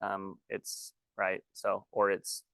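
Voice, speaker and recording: A man's voice: low-pitched, monotone, gravelly, a bit bright, no room sound. Slightly breathless male workshop trainer. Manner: halting, restarts sentences often; writes on a board while talking. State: a little out of breath. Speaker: guest trainer. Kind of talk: teaching a workshop.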